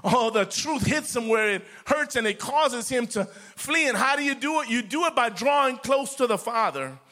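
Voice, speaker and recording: A man preaching a sermon to his church, swinging between loud declarations and soft whispers and repeating words for emphasis. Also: very high-pitched, animated, moderate pace. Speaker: pastor.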